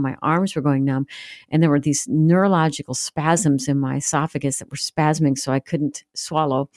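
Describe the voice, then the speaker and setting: A woman's voice: low-pitched, darkish tone, no room sound, studio quality. A middle-aged woman giving a heartfelt personal testimony as a guest author in an interview. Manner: earnest, heartfelt storytelling.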